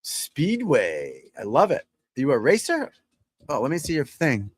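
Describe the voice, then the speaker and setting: A man's voice: mid-range voice, huge pitch swings, a little slow, husky. A chatty male golf instructor rambling through a casual home broadcast in an ordinary mid-range voice. He keeps talking straight to his viewers, and the sound is dry and close, with no room echo. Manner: rambling, chatty, breaks off to talk to his dog. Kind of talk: casual live chat to viewers.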